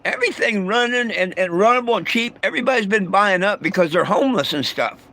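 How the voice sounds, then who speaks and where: Profane man with a high, bright voice. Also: animated, fairly quick. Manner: blunt and profane, stammering restarts, irritable. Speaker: vlogger livestreaming to viewers. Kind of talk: casual livestream rant.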